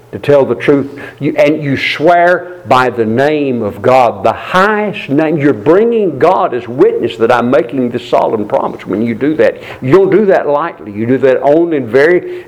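A man's voice: on the high side, low-quality recording. A man preaching a sermon, retelling a scripture story with emphatic repetition. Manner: emphatic, repeats phrases for stress, storytelling.

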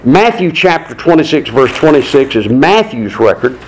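A man preaching a sermon in an earnest, deliberate way, with slow, dramatic pauses. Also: mid-range voice, very animated, slight background noise, rough recording.

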